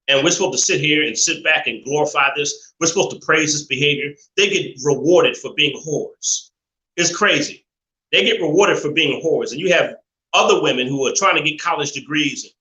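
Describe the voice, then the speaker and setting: A man with a high, very bright, piercing voice hosts a live call-in stream from an echoey room. His style is preachy and opinionated; he draws his points out slowly and laughs often.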